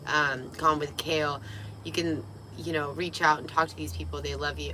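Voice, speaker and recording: A tipsy woman livestreaming from a parked vehicle, giggling, swearing freely and getting excitable, her voice partly lost. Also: sits low, moderate pace, very noisy. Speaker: livestream host. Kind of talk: tipsy casual livestream chat.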